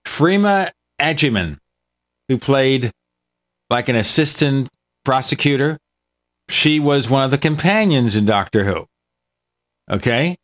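A man's voice: mid-range voice, expressive, measured pace, long pauses, a bit bright. A man hosting a tech talk show in casual, enthusiastic chat that wanders from point to point. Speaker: show host.

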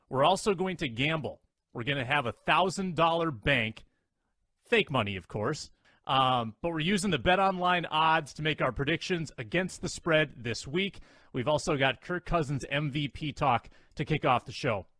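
A man hosting a sports podcast, running the show with upbeat banter and quick plugs. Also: on the high side, fairly bright tone, no echo. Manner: upbeat, promo-style plugs and rapid banter. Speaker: podcast host.

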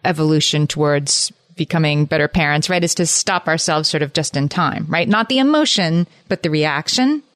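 Low-voiced woman host, dry sound. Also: moderate pace, few pauses, a bit bright, no room sound. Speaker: interview host. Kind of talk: conversational interview.

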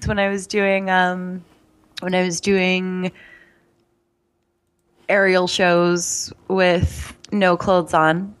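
A woman guest in a candid, casual conversation, frank and quick-witted with laughing asides. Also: lowish voice, little pitch movement, smooth. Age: adult.

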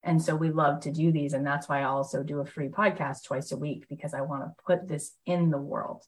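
A middle-aged woman giving a live motivational talk, telling stories with animated enthusiasm and chatty fillers. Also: sits low, fairly quick, rough recording. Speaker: motivational speaker and program host.

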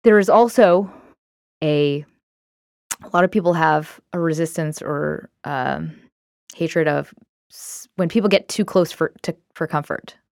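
A woman's voice: sits low, unhurried, gravelly, a little mellow, no room sound, studio quality. A woman giving casual, candid self-help advice on emotions, talking conversationally with frequent fillers.

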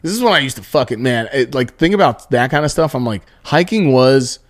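A man's voice: medium pitch, expressive, brisk. A young man co-hosting a podcast, telling a long rambling story in casual chat and swearing a lot. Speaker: podcast co-host.

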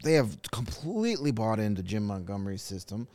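A man's voice: on the low side, big pitch swings, a little fast, darkish tone. A man co-hosting a casual sports podcast, talking through teams with frequent restarts and fillers. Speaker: podcast co-host.

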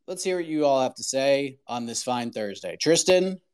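A man's voice: mid-range voice, animated, moderate pace, a little mellow, smooth. A man hosting a call-in show, chatting casually and handing the floor to callers. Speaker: show host.

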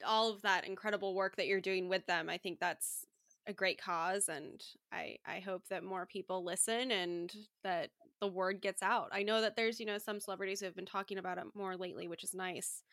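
A woman's voice: mid-range voice, fairly even intonation, normal speed, a bit bright, no echo, clean studio sound. A woman hosting a podcast, supportive and easygoing as she chats with her guest. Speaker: podcast host. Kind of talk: casual interview chat.

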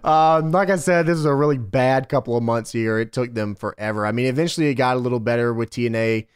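A man's voice: mid-range voice, quick pace, clean tone, no echo. A man in casual podcast chat, recapping wrestling with loose laughs and cursing. His voice is close and dry, with no room sound around it. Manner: laughing, swearing, recapping with mock quotes. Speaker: podcast co-host.

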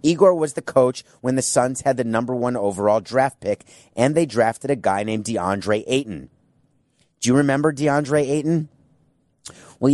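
A man's voice: mid-range voice, darkish tone, dry recording. A man giving an opinionated sports monologue, emphatic and sarcastic, talking straight at people who are not there. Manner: emphatic, sarcastic, addresses absent people directly. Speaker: sports commentator.

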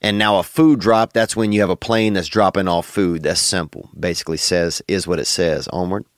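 Low-voiced joking man, dry close mic. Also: steady tone, normal speed, no echo. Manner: drawling, joking, slangy. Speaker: podcast host. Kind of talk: casual comedic chat.

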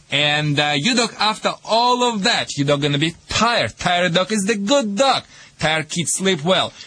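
A man's voice: high voice, sharp tone, dry recording. A man with a Russian accent giving dog training advice on a radio show, joking in broken English with many fillers.

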